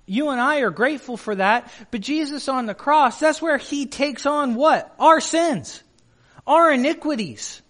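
A man's voice: very high-pitched, a bit bright. A male pastor preaching a sermon in an emphatic way, putting questions to the congregation.

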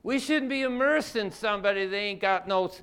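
High-voiced man preaching a folksy sermon. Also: fairly quick, a bit bright, clean tone. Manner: colloquial and conversational, rhetorical questions. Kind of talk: folksy Bible-teaching sermon.

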